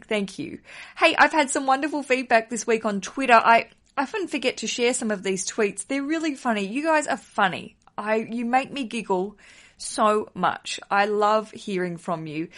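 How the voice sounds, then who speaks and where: A woman hosting a casual solo podcast, chatty and giggly, with a self-deprecating humor. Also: mid-range voice. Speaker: podcast host.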